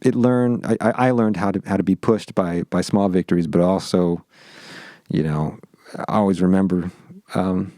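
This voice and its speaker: Male interview guest from Austin, deep and warm-toned, dry close sound, thoughtful and stop-start delivery. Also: steady tone, no room sound. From Austin, Texas. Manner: reflective, halting, repeats words as he thinks. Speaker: guest musician. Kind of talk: casual interview conversation.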